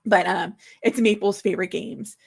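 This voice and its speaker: A woman in her forties, an author hosting her own book launch livestream, chatting casually in an excited, slightly flustered way. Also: mid-range voice, moderate pace, creaky, husky.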